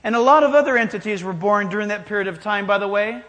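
High-voiced preacher in a reverberant hall. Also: male voice, fast, a bit bright. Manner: emphatic, challenging the listener. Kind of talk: sermon.

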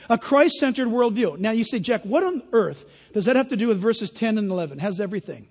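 A man's voice: high voice, expressive, brisk, few pauses, a little mellow, slightly rough, in a large hall. A man preaching a sermon as pastor, emphatic with sarcastic asides.

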